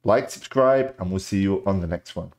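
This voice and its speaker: A man's voice: low-pitched, normal speed, a little mellow. A British man hosting a reaction video, chatting casually and agreeably about what he watches. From Britain. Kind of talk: casual commentary over a video.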